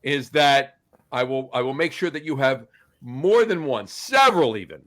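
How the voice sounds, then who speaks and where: A man from New Jersey co-hosting a podcast, playfully delivering a mock campaign speech with stretched pauses. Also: medium pitch, animated, fairly bright tone. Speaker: podcast co-host.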